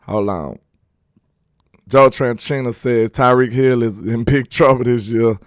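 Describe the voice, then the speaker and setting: A man's voice: medium pitch, measured pace, no echo, clean studio sound. A man hosting a sports live stream, chatting casually and reading viewer comments aloud in a laid-back, slangy, joking way.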